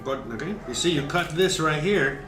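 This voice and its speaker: A man's voice: fairly high pitch, moderate pace, echoey room, over music. A man hosting a casual cooking livestream, chatting and explaining each step, cursing now and then. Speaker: cooking show host.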